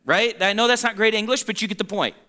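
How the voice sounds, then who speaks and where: A pastor in his forties preaches a conversational sermon to his congregation, checking in with them often and laughing. His high voice moves quickly and sounds pushed and bright.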